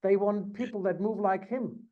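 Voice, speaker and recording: A man hosting a round table over a video call, speaking haltingly with many fillers and restarts. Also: high-pitched, steady tone, narrow, tinny audio. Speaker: host.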